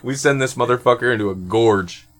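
A man's voice: mid-range voice, a little fast. A man hosting a late-night radio show, trading crude jokes and laughing a lot with his co-host.

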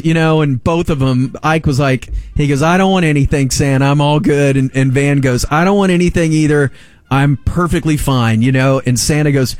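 A man in his forties, a radio host, telling a family story in a lively way and laughing along. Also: fairly high pitch, normal speed, dry recording. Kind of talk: casual storytelling on a sports talk show.

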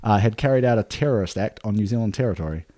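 A man's voice: on the low side, animated, quick pace, dark tone. A man hosting a podcast, casually telling a history story from his notes, with fillers and easy laughs. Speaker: podcast host.

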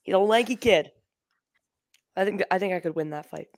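A woman's voice: medium pitch, moderate pace, a little mellow, dry recording. A woman co-hosting a sports podcast, chatting casually and joking, with lots of ums and restarts. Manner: joking, rambling, frequent ums. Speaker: podcast co-host. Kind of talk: casual chat.

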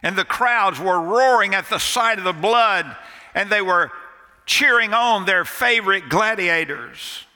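A man preaching a sermon as a pastor, telling a story dramatically with pauses and sudden drops to a near hush. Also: high-pitched, expressive. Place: church sanctuary. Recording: long reverb of a church hall.

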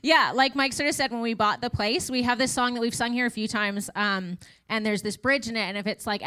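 A woman's voice: a little high, brisk, bright, forceful tone, smooth. A woman in her thirties giving a casual, chatty testimony at church, with self-deprecating asides. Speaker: church speaker sharing testimony.

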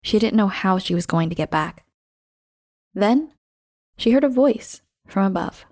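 A woman hosting a show, reading a scripted story in a measured, expressive way that slows down for emphasis. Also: medium pitch, dry recording, studio quality. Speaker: podcast host and narrator.

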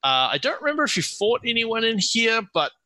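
Bright-voiced man running a tabletop game. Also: very high-pitched, big pitch swings, a little fast, dry recording, rough recording. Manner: rambling, many restarts and fillers. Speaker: game master.

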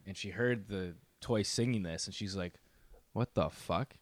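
A man's voice: sits low, a little slow, no echo, studio quality. A man co-hosting a casual comedy podcast, making wry joking asides. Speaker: podcast co-host.

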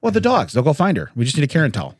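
A man hosting a podcast, chatting casually through news stories and laughing and clearing his throat often. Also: fairly high pitch, wildly swooping pitch, racing, dry recording, studio quality. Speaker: podcast host.

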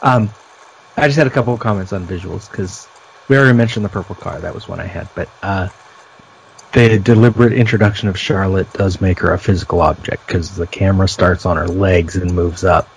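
A man's voice: deep voice, fairly quick, gravelly, a little hiss or hum, rough recording. A man from the United States co-hosting a casual film discussion, analytical and pointing out visual details. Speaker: podcast co-host.

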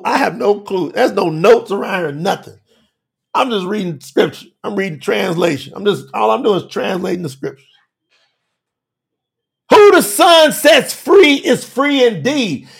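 A man preaching a sermon with emphasis, moving between shouted lines and quiet low asides. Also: moderate pace, creaky, husky.

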